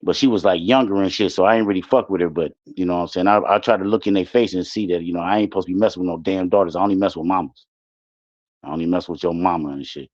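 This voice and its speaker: A man's voice: sits low, fast, darkish tone, no echo, muffled recording. A man telling loose, profane stories in casual livestream chat. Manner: loose, profane, rambling storytelling. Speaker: guest on a livestream show.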